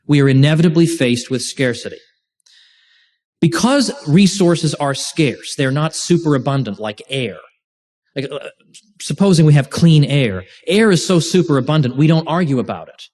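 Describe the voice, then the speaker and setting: A man's voice: a little high, lively intonation, normal speed, a little mellow. A man giving an informal lecture to a class as host, speaking with animation, making joking asides and often restarting his sentences. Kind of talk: informal university-style lecture. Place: lecture room with a live class.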